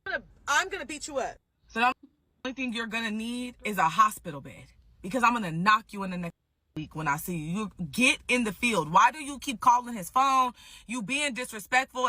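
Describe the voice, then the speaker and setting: A young woman telling a personal story in a casual, animated way, acting out quotes and bursting into loud outrage. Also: a little high, no echo, low-quality recording.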